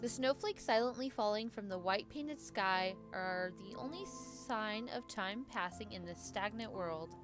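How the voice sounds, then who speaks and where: A woman's voice: medium pitch, measured pace, hardly any pauses, over music. A woman hosting a let's play, reading the game text aloud with giggles and playful drama.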